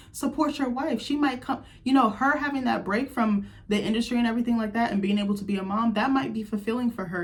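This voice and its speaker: A woman giving a candid, chatty recap of a TV episode in her vlog, sharing her opinions with plenty of fillers. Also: mid-range voice. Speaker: TV recap vlogger.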